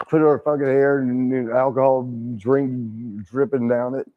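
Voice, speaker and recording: A man's voice: medium pitch, little pitch movement, slow. An older man telling a rowdy story in casual chat, laughing often, swearing and acting out quotes. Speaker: wrestling legend guest. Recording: dull lo-fi stream audio.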